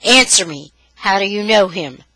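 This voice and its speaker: A woman's voice: moderate pace, pushed and bright, dry recording, poor audio. Woman doing a harsh, hot-tempered young man. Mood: angry. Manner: harsh, low, clipped.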